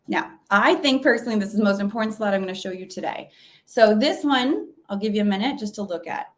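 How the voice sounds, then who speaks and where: A woman's voice: mid-range voice, quick pace. A woman giving a conversational webinar presentation over a video call, with plenty of fillers and restarts. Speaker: webinar speaker. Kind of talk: virtual presentation talk.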